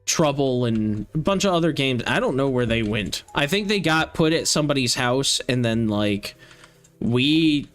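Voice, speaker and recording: A man's voice: mid-range voice, lively intonation, normal speed, a bit bright, soft background music. A young man who streams games, chatting casually and rambling with lots of filler words. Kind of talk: casual chat while streaming a game.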